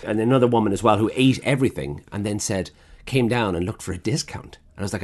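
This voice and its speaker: A man's voice: fairly low pitch, fast talker. A man who runs restaurants, telling blunt, profane stories about customers in a casual conversation, acting out their lines. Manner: blunt storyteller who swears freely and acts out customers. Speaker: chef and restaurant owner.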